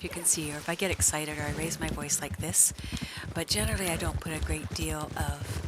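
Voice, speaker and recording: A woman in her late fifties, streaming a game and chatting in a soft, half-whispered, slow and gentle way. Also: low-pitched, background noise. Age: 50s. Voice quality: even, gentle delivery. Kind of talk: casual chat while gaming.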